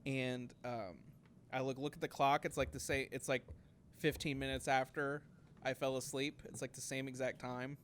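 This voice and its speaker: A man's voice: medium pitch, little pitch movement, moderate pace, a little hiss or hum. A young man telling a story in casual podcast chat, rambling with many fillers and acting out quotes. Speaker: podcast co-host.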